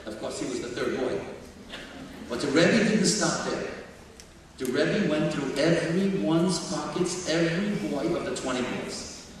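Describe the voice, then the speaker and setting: A man telling stories in a sermon and animatedly acting out the characters, recorded from a distance in an echoey hall with faint noise. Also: on the high side. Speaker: speaker. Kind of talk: storytelling sermon.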